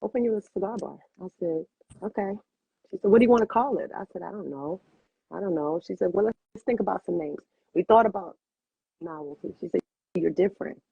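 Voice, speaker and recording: Interview guest, woman in her fifties, husky and dry, heartfelt storyteller who repeats lines for emphasis, slightly dull sound. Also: fairly low pitch, brisk, no room sound. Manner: expressive, repeats phrases for emphasis. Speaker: cigar bar owner and guest. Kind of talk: emotional personal storytelling.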